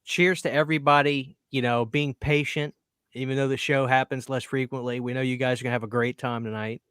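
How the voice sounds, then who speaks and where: A man's voice: mid-range voice, level tone, brisk, a bit bright, clean tone, dry recording, studio quality. A man hosting a casual livestream, upbeat and reading out chat names. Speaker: livestream host.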